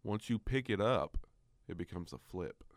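A man co-hosting a sports podcast in casual chat, deadpan and quick to argue a point. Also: sits low, no room sound. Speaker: podcast co-host.

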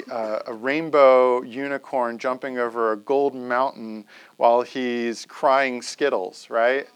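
A man's voice: fairly high pitch, fairly bright tone, clear, resonant tone. A man giving a conversational classroom lecture to a live audience, often checking in with "right?".

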